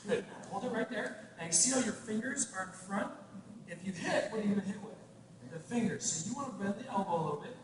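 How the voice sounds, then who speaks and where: A man teaching a martial arts class, coaching the student through strikes and shouting spirit yells. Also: sits high, animated, fast talker. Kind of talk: demonstrating a class to an adult student. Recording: echoey hall, from far off, noisy.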